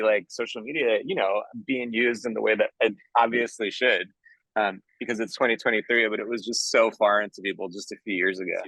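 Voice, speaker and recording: An earnest, animated man answers interview questions in a loose, chatty way. He keeps dropping in "like" and "you know". The sound is dry, with little room around his voice. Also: medium pitch, brisk, dry recording, poor audio. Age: adult, working in theater for years. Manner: enthusiastic, earnest. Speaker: musical theater composer, interview guest.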